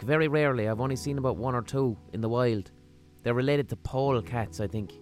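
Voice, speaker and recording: A man with a Limerick Irish accent talks in a rambling, profane, deadpan-humorous monologue as a podcast host. His voice sits at an ordinary middle pitch for a man. Faint guitar music plays softly behind him. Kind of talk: casual comic monologue.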